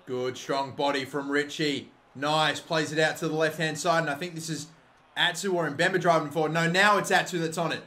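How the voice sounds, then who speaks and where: A young man with a high voice calls a football match as a passionate fan. He talks fast, swears freely and vents his frustration at every missed chance. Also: fairly even intonation. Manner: swearing, frustrated outbursts and shouted goal reactions. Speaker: gaming YouTuber commentating a football match. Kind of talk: excited fan commentary over game highlights.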